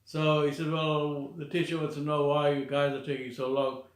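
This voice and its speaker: A man's voice: on the high side, little pitch movement, normal speed, reverberant. Older South African man telling a story. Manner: chatty, many fillers and restarts, quotes others aloud. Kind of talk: casual spoken anecdote.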